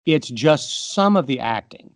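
A man's voice: mid-range voice, animated, a little slow, no room sound, studio quality. A man co-hosting a podcast, giving emphatic, opinionated takes in a casual movie review chat. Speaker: podcast co-host.

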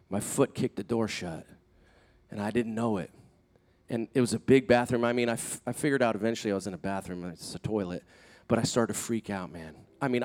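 A man preaching a sermon, telling a personal story in an earnest, animated way that builds in intensity. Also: fairly low pitch. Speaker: pastor.

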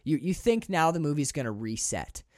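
A man co-hosting a podcast, talking through a film in a casual, animated, profane way. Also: on the high side, normal speed, no room sound, clean studio sound. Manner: animated, profane, restarts often. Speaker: podcast co-host.

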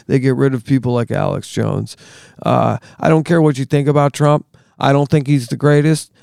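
A man ranting angrily as a podcast guest, swearing freely and climbing higher in pitch as he gets worked up. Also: fairly even intonation, normal speed, gravelly, a little mellow, clean tone, no echo, studio quality. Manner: angry, profane ranting that builds in pitch. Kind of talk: heated podcast conversation. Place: studio.

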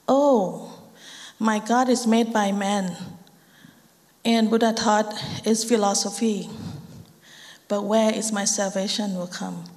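A young Thai woman gives a personal testimony in English, her first language being Thai, and her accent is clear. Her voice sits fairly high, and she talks in earnest, halting phrases with many restarts. The sound carries a long reverb, as if she is in a large hall. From Thailand. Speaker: speaker giving a testimony.

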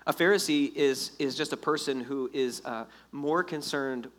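A man preaching a sermon in a lively, conversational way, acting out the quotes. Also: medium pitch, moderate pace. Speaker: pastor.

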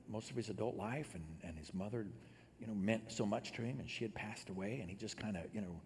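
A man preaching a sermon as a pastor, earnest, rising loud and then dropping low to tell a story. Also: slight background noise. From Illinois. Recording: long hall reverb.

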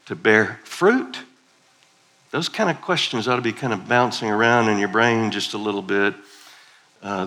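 A middle-aged guest preacher delivers a playful, conversational sermon and leads the congregation in call-and-response. His voice is lowish but bright, with a forceful tone.

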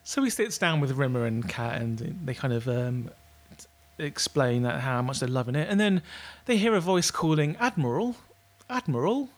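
A man's voice: mid-range voice, animated, moderate pace. A man co-hosting a podcast, casually recapping a show with many fillers and brief character mimicry. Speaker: podcast co-host. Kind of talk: casual chat recapping an episode.

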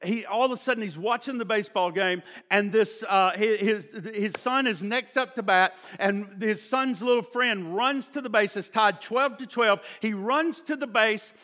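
A male pastor preaching a sermon, telling stories full of restarts and quoted voices, swinging from hushed tones to impassioned shouting. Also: sits high, moderate pace, few pauses.

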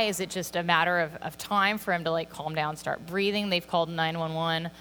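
A woman giving a sermon in a relaxed, conversational way, filling pauses with "like" and "um". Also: mid-range voice. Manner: conversational, lots of "like" and "um". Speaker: preacher. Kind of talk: casual sermon. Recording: long hall reverb with faint mains hum.

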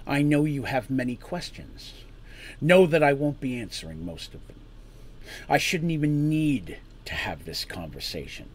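A man voicing a cold, emotionless male assassin who speaks flatly and coolly, with a threatening edge. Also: mid-range voice. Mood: cold, menacing. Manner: flat, cool, unhurried delivery with a threatening edge.

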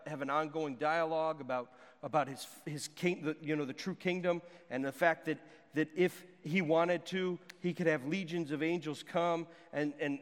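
A man with a notably high voice for his sex works through a Bible passage as a teacher. He keeps turning to his listeners with a questioning "right?" His voice rings out with a long, lingering reverb, like a large hall. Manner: checks in with the listener with frequent "right?".

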